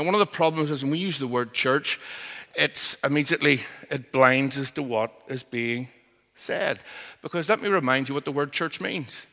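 A middle-aged man preaches in a church hall, his bright, slightly high voice trailing a long reverb. He presses his points emphatically, pleading, with loud swells and quiet drops. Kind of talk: expository sermon.

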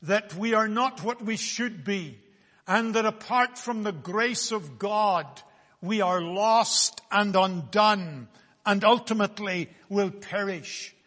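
Slow, high-voiced preacher in a reverberant hall. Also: male voice, fairly bright tone. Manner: slow, deliberate preaching with solemn emphasis. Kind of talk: sermon.

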